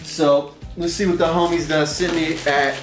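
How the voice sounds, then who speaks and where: A man's voice: fairly high pitch, flat delivery, moderate pace, over music. Slangy young man in an echoey room. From Texas. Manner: rambling, slangy, jokey. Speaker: vlogger. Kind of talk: casual unboxing vlog.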